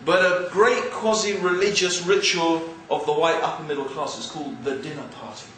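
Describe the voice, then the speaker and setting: An English man with a mix of upper-class and East London accents gives an animated, joking religious lecture to an audience. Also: high voice, moderate pace, faint music behind. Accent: English, mixed with East London. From England. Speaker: Islamic speaker. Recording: very echoey hall, mic far off.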